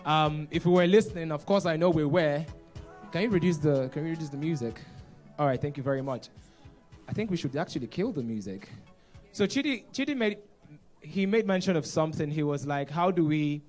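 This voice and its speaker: A man's voice: fairly high pitch, darkish tone. Playful man hosting a conference. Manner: playful, jokes with the audience. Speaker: conference host. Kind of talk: live event hosting. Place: conference hall on stage.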